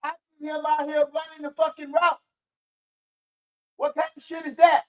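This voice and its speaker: A man's voice: extremely high pitch, level tone, moderate pace, far from the mic, dull audio. A man ranting angrily and profanely about his football team on a stream. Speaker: sports commentary streamer. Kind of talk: angry sports rant.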